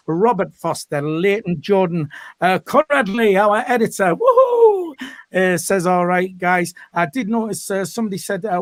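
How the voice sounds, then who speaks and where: A man hosting a live football fan stream, upbeat and chatty, often pausing mid-sentence. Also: high voice, no echo. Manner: upbeat, chatty presenting with frequent hesitations. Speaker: host.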